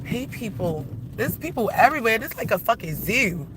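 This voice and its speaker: A man with a notably high voice rants combatively to his live-stream viewers, swearing freely as he drives. He talks into a phone inside a moving car, and loud road noise runs under every word. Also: big pitch swings, moderate pace. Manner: profane, combative ranting. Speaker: livestreamer. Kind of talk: live-stream rant while driving.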